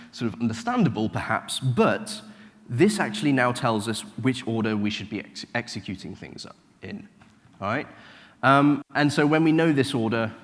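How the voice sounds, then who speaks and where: Guy doing a conference tech talk in a lecture hall, lowish voice, lots of reverb, chatty with the crowd. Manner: lively, chatty, asks the room "right?" often. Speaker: conference speaker. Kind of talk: technical talk to a live audience. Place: lecture room.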